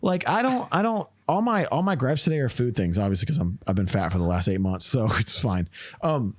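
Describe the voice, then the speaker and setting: A man's voice: medium pitch, brisk, dry recording, clean studio sound. A man hosting a podcast, telling stories in casual chat, swearing and laughing often. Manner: animated, profane storyteller who laughs often. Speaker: podcast host.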